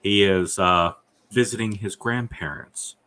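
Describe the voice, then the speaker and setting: A man's voice: lowish voice, unhurried, bright, forceful tone. A man hosting a casual podcast, rambling and swearing freely as he trades trivia with his co-host. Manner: rambling, profane, reads out chat messages.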